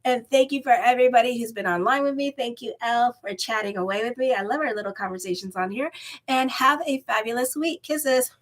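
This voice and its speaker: A woman's voice: fairly high pitch, brisk. A middle-aged woman astrologer rambling candidly and laughing often between tarot horoscope readings. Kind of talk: casual chatty horoscope vlog.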